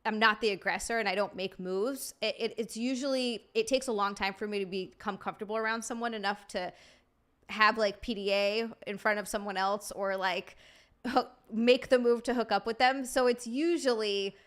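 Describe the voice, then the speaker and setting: A woman's voice: medium pitch, fairly even intonation, normal speed. A young woman hosting a live-streamed podcast, chatting casually with lots of fillers and giggles. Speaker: podcast host.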